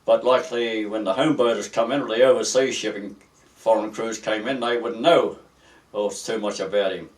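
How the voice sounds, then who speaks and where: An older Australian man recalls his working life in a halting, rambling way, often restarting his sentences. His voice sits a little away from the mic. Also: fairly low pitch, fairly even intonation, recorded from a distance. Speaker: retired merchant seaman. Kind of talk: oral history interview.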